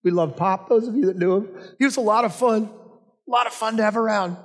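A man's voice: high voice, fast. A male pastor preaching a sermon, telling personal stories in a conversational way. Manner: conversational storytelling. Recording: long reverb of a hall.

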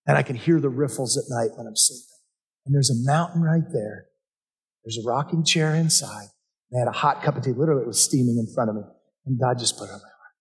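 Talking fast in a husky, medium-pitched voice, a male pastor shares personal stories in his sermon, conversational in style. The recording carries a hall's long reverb.

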